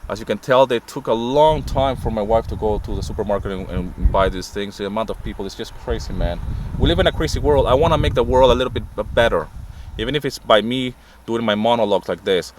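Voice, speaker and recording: A man's voice: lowish voice, fast talker, slight background noise. A middle-aged man giving a passionate, rambling vlog monologue while sitting in a parked car. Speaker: vlogger.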